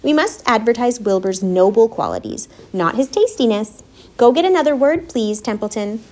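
A woman voicing a wise, kindly female barn spider in a storybook reading, speaking in a gentle but firm, patient way. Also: a little high, very animated, moderate pace.

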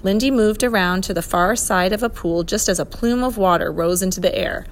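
A woman narrating a children's storybook in a clear, even storytelling manner. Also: mid-range voice, a little fast, a little hiss or hum. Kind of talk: storybook reading.

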